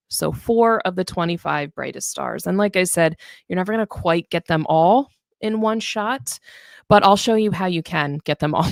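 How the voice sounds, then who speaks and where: A woman hosting a live astronomy lesson, chatting her way through the stars with frequent fillers and self-corrections. Her voice is strongly gravelly with fry and sits on the lower side. The sound is close and dry. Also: dry recording. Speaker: author and astronomy educator. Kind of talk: live-streamed stargazing lesson.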